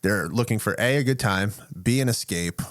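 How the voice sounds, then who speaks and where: Low-voiced man hosting a podcast. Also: moderate pace, dry recording, clean studio sound. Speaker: podcast host. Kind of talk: casual interview chat.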